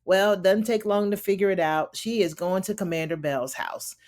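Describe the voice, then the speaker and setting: A woman's voice: medium pitch, moderate pace, darkish tone. A woman casually recapping a TV drama episode, acting out the characters' lines in shifting voices and chatting to her listeners. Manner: chatty, addresses listener as honey. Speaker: TV recap reviewer. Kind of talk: casual recap with acted-out quotes.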